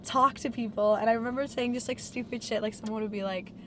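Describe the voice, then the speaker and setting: Young woman talking fast, kinda high voice, says like a lot, swears, faint noise behind. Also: fairly even intonation, fairly bright tone. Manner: rambling, fills every pause with "like", swears freely. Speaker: guest. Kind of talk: casual conversation.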